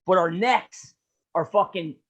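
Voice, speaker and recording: A young man co-hosting a podcast, telling a story in an animated, slangy way, swearing and saying "dude" all the time. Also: high-pitched, unhurried, a loud crowd. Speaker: podcast co-host. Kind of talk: casual storytelling chat.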